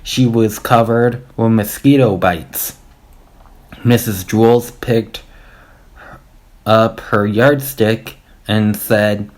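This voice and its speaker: A man reading a children's storybook aloud, telling it in a slow, deliberate way. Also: on the low side, fairly even intonation. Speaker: audiobook reader.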